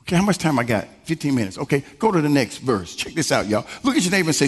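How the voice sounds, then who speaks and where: A male pastor preaching a sermon in a style, swinging from low murmurs to high exclamations. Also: big pitch swings, fast. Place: church sanctuary. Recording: long reverb from a large church hall.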